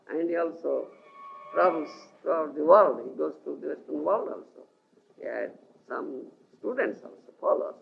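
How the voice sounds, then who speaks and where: A man's voice: on the high side, gravelly. A man from India giving a scripture lecture, often asking his listeners whether they follow. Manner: animated, keeps checking with listeners. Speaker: spiritual teacher. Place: lecture hall. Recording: dull lo-fi archival tape with faint hiss.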